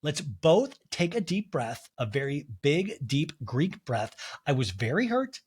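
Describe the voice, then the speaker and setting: A man imitating an earnest woman who pleads for calm in a slow voice. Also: on the high side, breathy edge, heavily acted. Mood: pleading.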